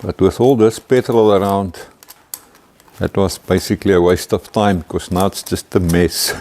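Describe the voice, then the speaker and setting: A man's voice: medium pitch, warm tone. A man with a South African accent hosting a casual workshop vlog, chatty and upbeat, often ending lines with "eh". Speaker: vlog host restoring an old truck.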